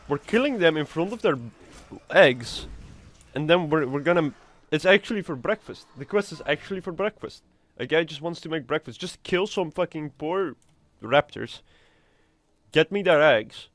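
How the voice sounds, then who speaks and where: A man's voice: fairly high pitch, lively intonation, moderate pace, a bit bright. Chatty man commenting on gameplay. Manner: chatty, rambling, swears casually. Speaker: gamer.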